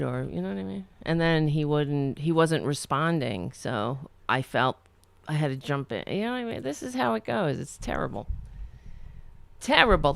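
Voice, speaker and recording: A middle-aged woman host talks in a loose, rambling way, cursing and poking fun at herself. Her voice is gravelly and swings up and down a lot, and she takes her time. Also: deep voice, fairly bright tone, dry recording. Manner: rambling, swearing, self-mocking, talks to the chat. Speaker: podcast host. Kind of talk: casual self-deprecating chat after an interview.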